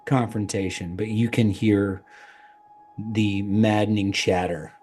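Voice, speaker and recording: A man's voice: on the low side, level tone, slow pace, a little mellow, faint music behind. Man narrating as game master.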